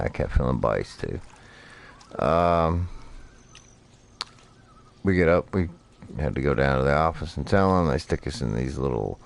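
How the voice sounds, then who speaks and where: A man's voice: very deep voice, vocal fry, a little mellow. A man streaming a fishing game, telling rambling, profane stories while he plays. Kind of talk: casual gameplay commentary.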